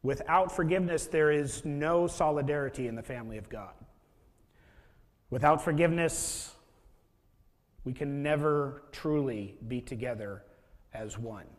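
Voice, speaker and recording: A man's voice: a little high, unhurried, long pauses. A male pastor giving a conversational sermon and often asking the listeners rhetorical questions. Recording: long hall reverb.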